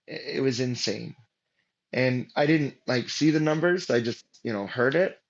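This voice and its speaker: A man's voice: medium pitch, moderate pace, creaky, dull audio. A man as interview guest, telling his story casually with lots of fillers and restarts. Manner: rambling, many fillers and restarts.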